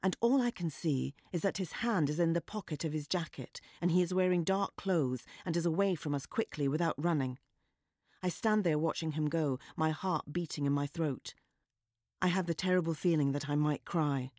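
A woman narrating a story in a measured, wry and understated way. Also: sits low, darkish tone, no room sound, clean studio sound. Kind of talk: audiobook narration.

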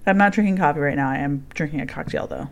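A woman's voice: low voice, fast, lo-fi sound, slight background noise. A woman co-hosting a podcast in casual chat, teasing and playfully scolding her friend. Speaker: podcast co-host.

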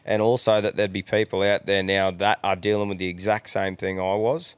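A man's voice: lowish voice, level tone, a little fast, smooth, dry recording. A young Australian man co-hosting a casual podcast, laid-back and encouraging, swearing freely. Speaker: podcast co-host.

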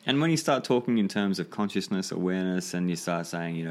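A very deep-voiced man, chatting loosely in a podcast conversation. He tells stories in an animated way, with plenty of back-and-forth. His low, grounded tone carries the talk. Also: quick pace, few pauses. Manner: animated storyteller who acts out other voices. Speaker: men's coach. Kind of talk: casual podcast chat.

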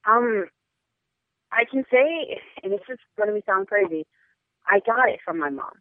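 A woman's voice: mid-range voice, lively intonation, unhurried, dry recording. A woman in her twenties, a podcast guest telling her own story earnestly and frankly, with plenty of "like" and "um". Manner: earnest, frank, many fillers like "like" and "um". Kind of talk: personal storytelling interview. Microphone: phone or call line. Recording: tinny phone line.

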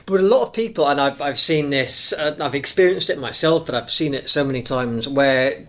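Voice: medium pitch, normal speed, fairly bright tone. Chatty interview host. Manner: friendly, many back-channel murmurs. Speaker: podcast host. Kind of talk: casual interview.

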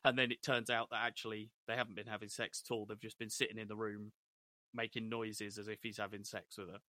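A man co-hosting a casual podcast, animated as he recaps a TV episode and acts out lines. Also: on the low side, fast, no room sound. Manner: animated, acts out characters' lines when retelling. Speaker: podcast co-host.

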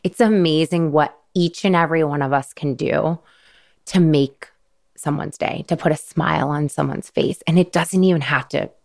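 A woman in her thirties hosts a podcast, telling an emotional story casually and earnestly with plenty of quoted dialogue. Her voice sits low and is creaky and a little mellow, at a normal speed.

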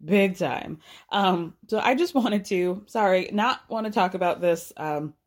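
A woman's voice: mid-range voice, a little slow. A woman hosting a casual recap podcast, chatty and sarcastic, laughing often as she talks. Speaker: podcast host recapping a reality show.

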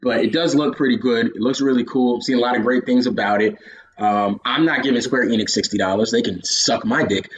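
A man's voice: medium pitch, brisk. A young man from Georgia hosting a podcast, telling gaming stories in a casual, profane way and laughing often. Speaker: podcast host. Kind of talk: casual chat.

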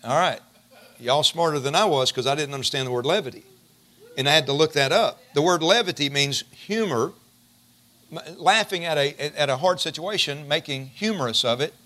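A man preaching a sermon in a folksy, animated way, calling on his congregation to respond. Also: a little high, brisk.

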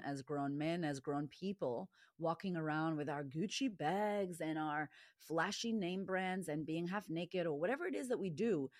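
A woman's voice: deep voice, no room sound, studio quality. A middle-aged woman, a confidence coach, telling her life story in a candid, emphatic conversational way. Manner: emphatic, quick bursts, animated when quoting herself.

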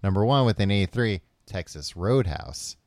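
A man's voice: fairly low pitch, animated, normal speed, a little mellow, dry recording, studio quality. A man co-hosting a comedy podcast, casually reading out a list with sarcastic teasing. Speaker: podcast co-host.

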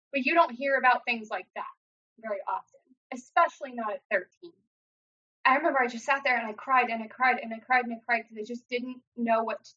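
A young adult woman telling a painful personal story in an earnest, halting way, acting out what others said. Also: on the high side, pushed and bright. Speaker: guest sharing personal story. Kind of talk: emotional personal account. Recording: dull lo-fi sound.

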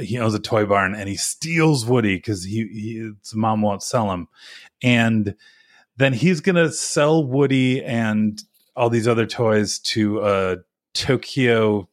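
A man co-hosting a podcast in casual chat, rambling through a hurried summary with lots of ums and self-mocking jokes. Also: on the low side, no echo, studio quality. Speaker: podcast co-host.

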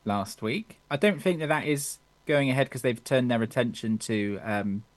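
A man's voice: medium pitch, normal speed, no echo. Joking male football podcast host. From England. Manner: jokey, laughs often, steers the panel. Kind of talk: casual football podcast chat.

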